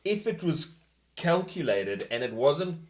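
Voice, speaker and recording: A man co-hosting a filmmaking podcast, thinking aloud with halting restarts while brainstorming. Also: a little high, sing-song. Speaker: filmmaker co-host. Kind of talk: casual brainstorming.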